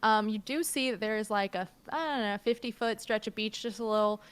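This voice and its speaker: A woman's voice: mid-range voice, brisk, smooth. Rambling woman game master. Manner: loose, rambling description with frequent fillers. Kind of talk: narrating a tabletop game.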